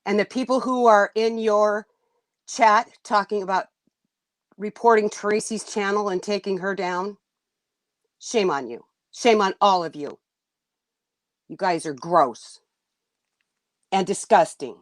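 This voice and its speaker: A woman's voice: medium pitch, a little slow, no room sound. Lady on a livestream ranting, blunt and fed up, swears a bit, dry close sound. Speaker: livestream host. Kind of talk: venting live chat.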